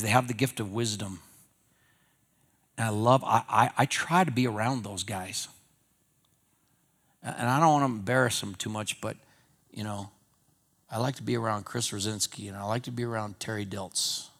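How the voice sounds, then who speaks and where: Preaching in a Wyoming accent, this man swings between booming, emphatic high points and low-key, chatty asides, as a pastor giving a sermon.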